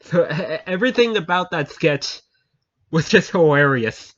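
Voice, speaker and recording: A man's voice: a little high, expressive, normal speed, fairly bright tone. A man telling viewers a funny story in a casual chat, often breaking into laughter and repeating himself. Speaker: channel host. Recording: dull lo-fi recording.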